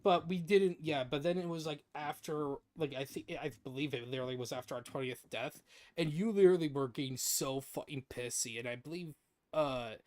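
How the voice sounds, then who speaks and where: A young man streaming a game, telling a rambling, excitable story with lots of swearing in casual chat. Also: fairly high pitch, brisk.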